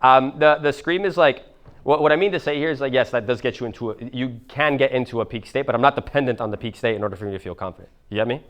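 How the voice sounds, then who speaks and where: A man's voice: mid-range voice, fast talker, a bit bright. A man in his twenties telling a story at a seminar, casual and rambling, swearing now and then. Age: 20s. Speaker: motivational speaker.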